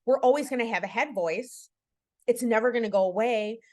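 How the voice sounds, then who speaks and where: A middle-aged woman leads a casual book club chat over a video call. Her voice sits a little high, and she speaks earnestly and encouragingly, filling her sentences with "you know" and "like". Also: a little fast, darkish tone. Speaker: podcast host leading a book club.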